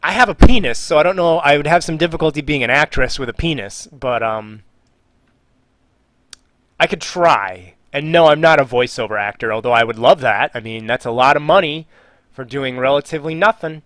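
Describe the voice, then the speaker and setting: Here a man with a fairly high, slightly bright voice talks a little quickly, recorded dry. During a casual live stream, he reads out questions from viewers, cracks jokes in reply, and mutters or drifts off mid-thought as he works.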